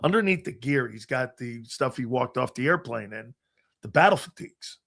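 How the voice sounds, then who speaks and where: Animated, profane middle-aged male sports host. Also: mid-range voice, moderate pace, creaky. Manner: animated, profane, acts out quoted voices. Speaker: sports talk radio host. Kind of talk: storytelling on a sports talk show.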